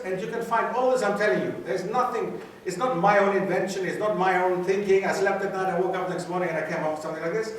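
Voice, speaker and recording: A Greek man with a high-pitched voice lectures students as a guest speaker in a university lecture room, quizzing the audience and repeating key phrases. He was taped from afar in a very echoey hall, with slight background noise.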